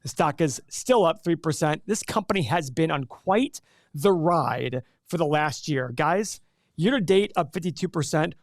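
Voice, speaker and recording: Brief: male stock commentator, fairly high voice, punchy and sarcastic, dry close mic. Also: moderate pace, dry recording. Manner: energetic, sarcastic asides, self-correcting mid-calculation. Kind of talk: live reaction to earnings.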